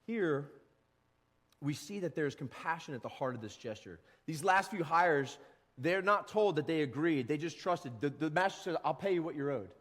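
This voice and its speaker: A man preaching a sermon as pastor, animated, acting out short voices and quotes. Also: on the high side, normal speed, big-room sound. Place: church sanctuary.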